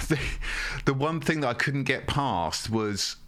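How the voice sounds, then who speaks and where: Bright, wry man. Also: medium pitch, animated, slow. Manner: dry, wry quips with laughs. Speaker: podcast co-host. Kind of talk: casual comedic chat.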